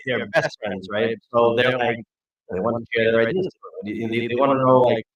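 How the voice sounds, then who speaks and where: A man's voice: mid-range voice, fairly even intonation, normal speed, distant mic, dull audio. Rambling man in an echoey room. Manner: rambling, hesitant, many fillers and restarts. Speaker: stream co-host. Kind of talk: casual livestream chat and joke telling.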